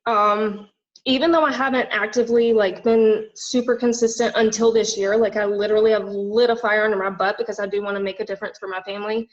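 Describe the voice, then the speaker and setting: A woman's voice: on the high side, fairly even intonation, fairly quick. Young southern gal telling her coaching story, super rambly, like like literally, kinda muffled lo-fi audio. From Southern United States. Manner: rambling, heartfelt, full of "like" and "literally". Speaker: fitness and nutrition coach. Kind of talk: personal testimony at a group info session.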